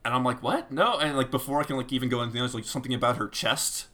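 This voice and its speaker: A young man with a bright, forward tone tells a long story on a casual podcast. He is animated and full of fillers, acting out his own quotes as he goes. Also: mid-range voice, rapid-fire. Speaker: podcast co-host telling a story.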